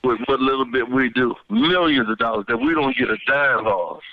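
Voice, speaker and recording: A man with an average-pitched voice speaks emphatically in a livestream chat, repeating his points. His audio comes through dull and lo-fi, like a weak call connection. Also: big pitch swings, normal speed, vocal fry. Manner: repetitive, emphatic interjections.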